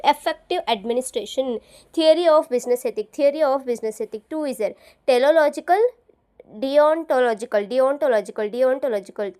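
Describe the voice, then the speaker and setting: A woman's voice: sits high, warm tone. A woman tutoring for an exam, repeating each key term several times and spelling words out letter by letter. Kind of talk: study-along lesson, repeating terms aloud to memorize.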